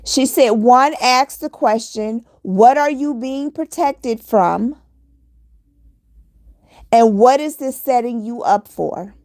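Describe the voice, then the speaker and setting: A woman's voice: fairly high pitch, slow pace, a little mellow, dry recording, studio quality. A woman giving an earnest motivational monologue, repeating her key points in a preachy, exhorting way. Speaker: motivational vlogger.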